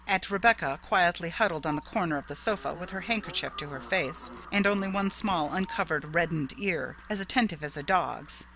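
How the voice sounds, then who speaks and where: A woman narrating a classic ghost story in a measured, steady way. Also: on the low side, noisy background.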